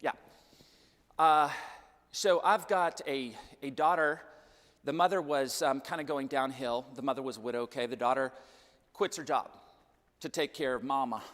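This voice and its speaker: A man's voice: mid-range voice, steady tone, normal speed, pauses often, fairly bright tone, big-room sound. A Midwestern man from Kansas, a financial planner, giving a chatty church seminar talk and checking in with the audience every few sentences. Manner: chatty, keeps checking in with "okay?" and "right?". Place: church hall.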